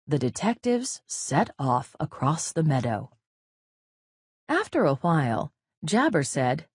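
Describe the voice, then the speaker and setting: A woman reading a children's story aloud very slowly for young learners, with a husky voice. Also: sits low, big pitch swings, no echo, studio quality. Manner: very slow, clearly paced for learners.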